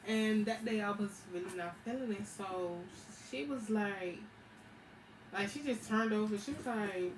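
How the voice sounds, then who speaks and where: A young woman, telling a story in a slangy, animated, casual way with frequent laughs. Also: medium pitch, moderate pace. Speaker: vlogger. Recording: echoey room with background noise.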